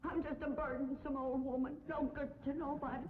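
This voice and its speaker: A woman's voice: high-pitched, level tone, fairly quick, close to an everyday voice. An actress playing a cranky, self-pitying old hillbilly grandmother who talks in a rural drawl and scolds. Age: older. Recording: dull old TV audio, laugh track, noise.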